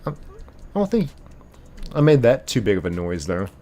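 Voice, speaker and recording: A man hosting a casual live stream, reading viewer comments aloud in an animated way, laughing easily and thanking viewers by name. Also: lowish voice, moderate pace. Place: apartment bedroom.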